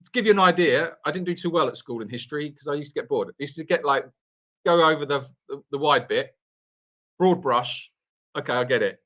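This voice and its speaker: A man's voice: a little high, fairly quick, fairly bright tone, muffled recording. A man co-hosting a casual live Q&A from an animal sanctuary, a chatty storyteller who often laughs at his own tales. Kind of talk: casual live-stream chat.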